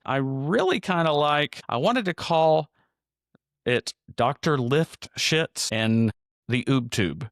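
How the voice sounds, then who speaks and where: A man's voice: a little high, creaky, no room sound, clean studio sound. A man hosting a casual solo podcast, telling a rambling story with chuckles and restarts. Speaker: podcast host.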